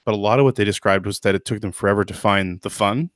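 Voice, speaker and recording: A man's voice: fairly low pitch, quick pace, fairly bright tone, no room sound, clean studio sound. A man hosting a podcast in casual chat, thoughtful and hedging, with lots of fillers and restarts. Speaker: podcast host.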